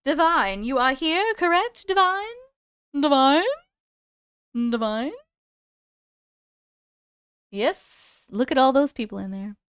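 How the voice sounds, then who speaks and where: A woman's voice: sits high, expressive, slow pace, pauses often, fairly bright tone, dry recording. Bubbly chatty woman in her forties. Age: 40s. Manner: bubbly, chatty, greets viewers by name. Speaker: livestream host reading viewer stories. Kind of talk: casual livestream chat and story reading.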